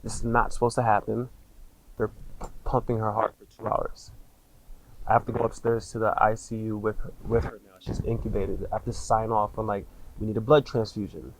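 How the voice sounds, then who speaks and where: A man in his thirties, a podcast guest, telling a personal story candidly, in casual slang with frequent swearing and halting restarts. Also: lowish voice, flat delivery, a little hiss or hum, poor audio.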